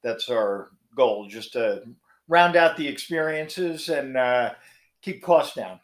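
A man's voice: medium pitch, animated, takes it slowly. A man who is a guest in a casual interview, explaining things plainly and matter-of-factly. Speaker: interview guest, cross-country cyclist.

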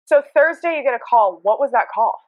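A woman hosting a casual chat, animated and acting out quoted dialogue. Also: fairly high pitch, a little fast, no echo, highs cut off. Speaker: podcast host.

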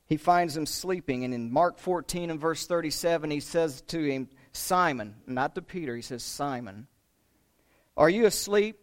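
A man preaching a sermon, retelling a story with emphatic rises and hushed drops. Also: a little high, normal speed, hardly any pauses. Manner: emphatic, dramatic retelling with rising and falling intensity.

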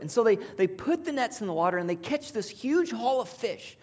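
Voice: medium pitch, big pitch swings, normal speed, few pauses. Reflective preacher telling a story. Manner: reflective storytelling, asks questions aloud; drops to a soft near-whisper for quoted words. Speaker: pastor. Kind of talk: sermon.

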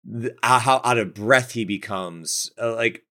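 A man's voice: medium pitch, measured pace, bright, forceful tone. A man co-hosting a podcast, talking casually about a movie and often restarting his sentences. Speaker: podcast co-host. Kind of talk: casual film discussion.

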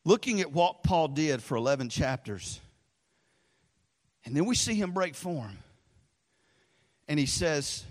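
A middle-aged pastor, preaching in a rambling, animated storytelling manner that drops low for asides. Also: male voice, a little slow, long pauses. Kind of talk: sermon. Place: church sanctuary. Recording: long reverb of a large hall.

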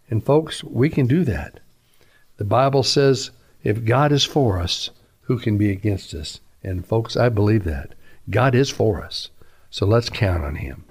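A man's voice: lowish voice, lively intonation, unhurried, slightly rough. A man, a pastor, giving an earnest radio sermon that rises to emphatic peaks.

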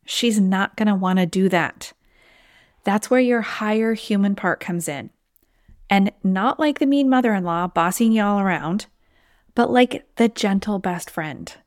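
A woman's voice: medium pitch, measured pace, dry recording, studio quality. A woman hosting a solo podcast as a weight loss coach, talking in an encouraging, conversational way and sometimes acting out inner voices.

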